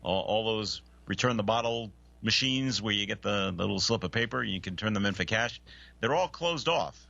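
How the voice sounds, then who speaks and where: A man hosting a casual morning radio panel show, friendly and quick to laugh. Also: on the low side, vocal fry, bright, forceful tone, no room sound. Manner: friendly, laughs easily, fills with uh. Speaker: radio host. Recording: dull, lo-fi radio sound.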